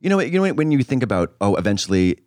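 A man's voice: mid-range voice, fast talker, no room sound, clean studio sound. A man co-hosting a comedic podcast, chatting in a camp, joking way. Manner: camp, animated, swooping jokes. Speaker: co-host. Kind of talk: comedic casual chat.

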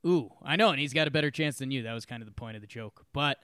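A man co-hosting a casual chat podcast, telling a story with lively acted-out quotes and frequent laughs. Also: medium pitch, very fast, smooth, no room sound, clean studio sound. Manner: animated storyteller, acts out quotes, laughs often. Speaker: podcast co-host.

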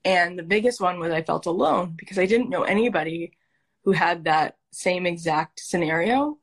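A woman's voice: on the low side, normal speed. A woman hosting as a life coach, talking earnestly and emotionally in a heartfelt coaching conversation. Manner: earnest, emotional, animated storytelling.

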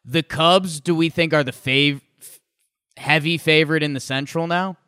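A man co-hosting a casual baseball podcast, talking in an animated, rambling way with lots of restarts. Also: a little high, normal speed, clean tone, no room sound, clean studio sound. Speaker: podcast co-host. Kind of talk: casual sports chat.

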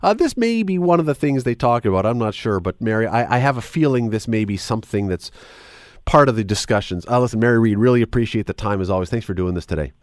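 A man's voice: lowish voice, expressive, fast talker, dry recording, clean studio sound. A man hosting a radio talk show, chatting wryly and reading items aloud with sarcastic asides. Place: radio studio. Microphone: studio microphone.

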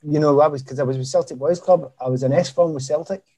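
A Glaswegian man with a soft, husky voice and a mellow, warm tone. He chats easily as a podcast guest, rambling into self-deprecating stories about his football days. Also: on the high side, fast talker. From Easterhouse, Glasgow, Scotland. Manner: chatty, self-deprecating storyteller. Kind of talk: casual podcast interview.

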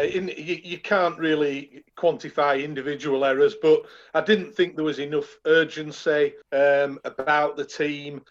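A man's voice: on the high side, muffled recording. A retired man, chatting about football on a remote line and calling the host "mate". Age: older. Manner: chatty, says "mate" a lot, hesitant restarts. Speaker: podcast co-host. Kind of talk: casual football chat.

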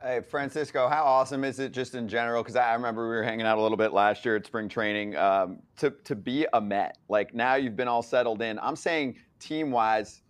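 A man's voice: medium pitch, fairly quick, hardly any pauses, clean tone, no room sound. A male host talking in a loose, chatty way and swearing casually as he asks his questions. His voice sounds close and dry. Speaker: podcast co-host. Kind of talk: casual chat.

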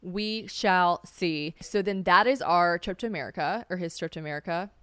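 This is a young woman from South Carolina chatting alone on her podcast, gossipy and full of attitude, laughing and cursing as she goes. Her voice sits slightly low and comes through smooth and clean. The recording is dry and close, with no room sound. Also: quick pace, bright, forceful tone, no room sound. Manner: chatty, sassy, swears freely, laughs often. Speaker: podcast host. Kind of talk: casual solo chat.

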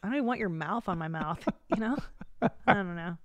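A woman's voice: fairly low pitch, a little fast, no echo. A middle-aged woman co-hosting a casual podcast, speaking bluntly and frankly and laughing often. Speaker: co-host.

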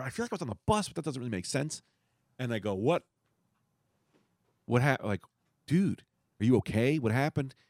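A man's voice: lowish voice, no room sound, studio quality. A young man telling long, profane stories in casual chat, acting out the voices of the people in them. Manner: rambling, profane, animated storyteller who acts out quotes.

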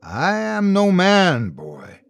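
Male narrator doing an ancient horned creature for a horror story, slow and measured, lively swoops in pitch, dry close sound. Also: creaky, dry recording, exaggerated voice. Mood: calm, menacing. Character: ancient horned inhuman being, calm and curious.

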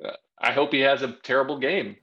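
A former pitcher co-hosts a podcast, telling loose, rambling stories full of fillers in casual chat. His medium-pitched voice is brisk with fairly even intonation, and the audio sounds dull and lo-fi.

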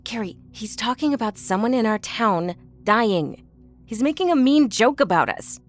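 A woman's voice: a little high, animated, moderate pace, soft background music, natural voice. An actress playing a skeptical, blunt young woman in an audio drama, impatient and mocking. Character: skeptical, brash young woman, older sister.

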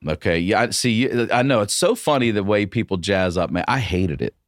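A man's voice: on the low side, expressive, normal speed, no room sound, clean studio sound. A middle-aged male comedian telling a story in casual, profane chat. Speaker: comedian guest.

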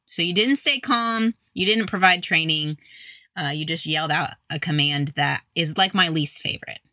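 A woman with a bright, forceful voice tells parenting stories in casual chat, animated and quick to laugh. Her voice sits close and dry on the mic. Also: sits low, no echo. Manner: animated, laughing storyteller who acts out her kids. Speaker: parenting podcast co-host.

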